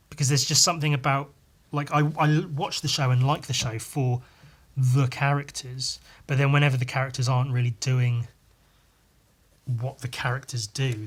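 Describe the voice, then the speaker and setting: Man, podcast host, casual solo monologue, rambling, hesitant, lots of ums, laid-back, mid-pitched voice. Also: fairly bright tone. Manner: laid-back and self-deprecating.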